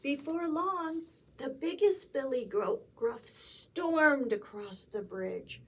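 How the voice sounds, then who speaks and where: A woman librarian reading a story aloud at a children's storytime, dramatic and expressive, with hushed asides. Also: high-pitched, slow, slight background noise.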